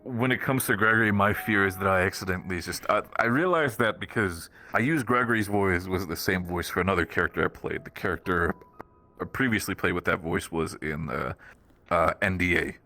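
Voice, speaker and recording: A man's voice: deep voice, fairly quick, pushed and bright, slight background noise. A man chatting casually during a role-play game, rambling and swearing freely.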